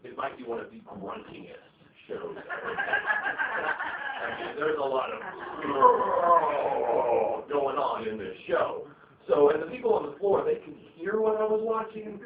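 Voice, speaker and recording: A stand-up comedian with a fairly high, creaky voice rambles through a profane set crowded with fillers. There's background noise, and the live recording from the comedy venue stage is echoey, tinny, and distant.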